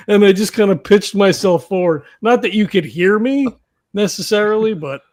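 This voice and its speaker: A man's voice: high-pitched, measured pace, a little mellow. A man playing a tabletop game, describing his moves in a rambling, laughing way over a video call. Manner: rambling, laughing, self-correcting. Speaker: player. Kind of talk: casual chat.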